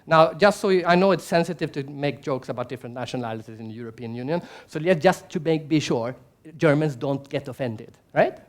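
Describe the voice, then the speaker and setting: A man's voice: a little high, a little fast, hardly any pauses. A man giving a keynote speech at a conference, telling stories, putting questions to the audience and acting out the quotes. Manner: animated storyteller, asks the audience questions, acts out quotes. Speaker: keynote speaker. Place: large conference hall.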